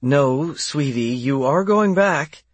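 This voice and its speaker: A man's voice: fairly high pitch, expressive, slow pace, dry recording, pitched above the performer's own voice. A male audiobook narrator voicing a young woman guardian who talks to a child in a patient, coaxing but firm way.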